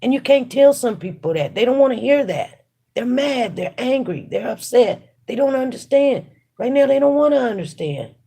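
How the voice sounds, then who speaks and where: A woman hosts a casual livestream, reflecting aloud while she works in a slightly high, warm voice with lively intonation, vocal fry, and a breathy edge. At a moderate pace, her musings are faith-centred, emphatic, and repetitive.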